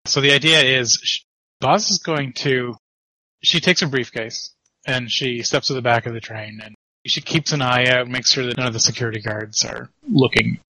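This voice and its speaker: A man's voice: medium pitch, normal speed, bright, forceful tone, dry recording, low-quality recording. A man playing a tabletop role-playing game, describing his character's moves step by step. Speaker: player.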